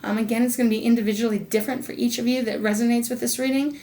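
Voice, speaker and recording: A woman giving a casual tarot reading, effusive and gushing with excitement, murmuring softly when she addresses spirit. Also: a little high, racing, few pauses. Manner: talks to spirit, murmurs softly while drawing cards. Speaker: intuitive tarot reader.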